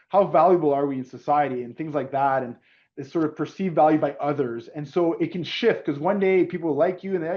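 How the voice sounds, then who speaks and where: A man's voice: fairly high pitch, lo-fi sound. A middle-aged man presenting a webinar in an informal, conversational way, often repeating words. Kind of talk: casual webinar talk.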